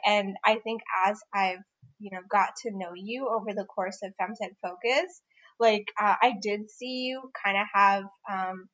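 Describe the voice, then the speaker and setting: A young woman co-hosting a casual podcast, chatting warmly about a friend, rambling with many fillers and restarts. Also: mid-range voice, dull audio. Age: young adult. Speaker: podcast co-host. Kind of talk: casual chat among friends.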